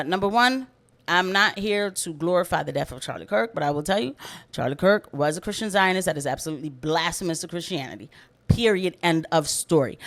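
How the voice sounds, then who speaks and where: Female commentator, low-leaning voice, emphatic and repetitive delivery. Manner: impassioned, emphatic, repeats herself. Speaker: political commentator. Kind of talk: opinionated livestream commentary.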